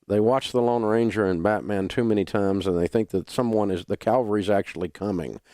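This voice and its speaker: An older man with a Southern drawl holds forth on talk radio in a folksy, emphatic way. His voice sits low, and the studio sound is dry and close. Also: a little fast, mellow, no room sound. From Southern United States. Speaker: radio talk show host.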